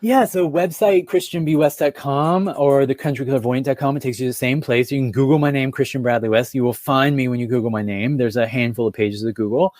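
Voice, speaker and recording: A man's voice: medium pitch, brisk, hardly any pauses, a little mellow, dry recording. A man, a guest astrologer, talking in a casual podcast interview, thoughtful and rambling with lots of ums.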